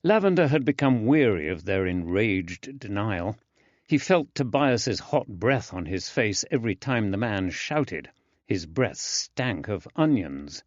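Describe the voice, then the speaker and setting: A man giving measured, expressive scripted narration of an audiobook. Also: on the low side, no room sound. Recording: dry, slightly dull.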